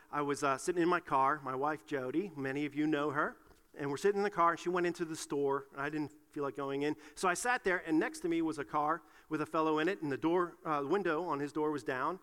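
A man's voice: sits high, pushed and bright. A middle-aged man preaching a sermon in a church, talking conversationally and getting the congregation to repeat lines after him. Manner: conversational, leads the congregation in call-and-response. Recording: long hall reverb.

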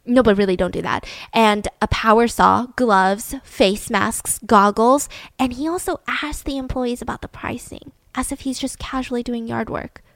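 A woman's voice: fairly high pitch, steady tone, normal speed, hardly any pauses, a bit bright, no echo. A woman hosting a podcast, telling a true-crime story in a casual, emphatic way with lots of "like". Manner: chatty, emphatic, full of "like". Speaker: podcast host.

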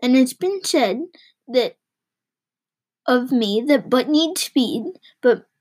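A gleeful, bellowing male coach driver who talks in riddles and sings out his warnings, put on by a woman reading aloud. The voice sits noticeably higher than the reader's own and stays loud. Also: animated, takes it slowly, husky, full character voice. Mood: boastful. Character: reckless boastful male mail-coach driver.

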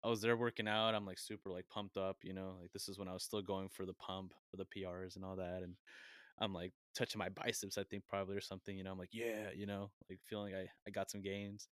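A man hosting a casual podcast in a fairly low voice. He rambles through stories with lots of fillers, and the sound is dry and close. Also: little pitch movement, fast, fairly bright tone, smooth, dry recording. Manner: rambling, with many fillers and laughs. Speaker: podcast host.

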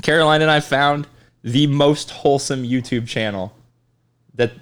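A man's voice: mid-range voice, measured pace, a bit bright, clean tone. A man co-hosting a casual chat, chiming in, joking and laughing easily. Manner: laughs easily, chimes in and cracks jokes. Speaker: podcast co-host.

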